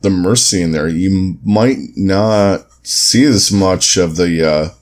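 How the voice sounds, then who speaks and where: A man's voice: low voice, takes it slowly. A man co-hosting a casual esports podcast, easygoing and loose, filling his talk with "you know" and "um". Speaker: co-host.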